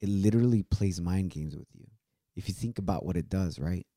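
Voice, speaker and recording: A man in his thirties with a warm, mellow voice speaks earnestly and with open emotion as a show host. He drops Spanish phrases into his English. The sound is close and dry, as from a home studio. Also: sits low, a little fast, no room sound. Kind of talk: heartfelt casual chat.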